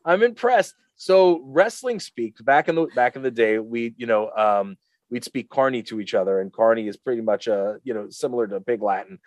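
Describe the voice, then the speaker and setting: A man's voice: medium pitch, moderate pace, darkish tone, no room sound. A man co-hosting a podcast in casual chat, rambling and jokey, slipping into silly voices. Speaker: podcast co-host.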